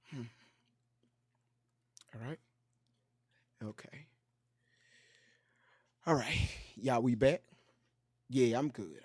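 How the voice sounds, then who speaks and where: A man hosting a reaction video, commenting on played clips in a profane, exasperated rant that flares into shouting. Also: medium pitch, slow, long pauses, no echo, clean studio sound.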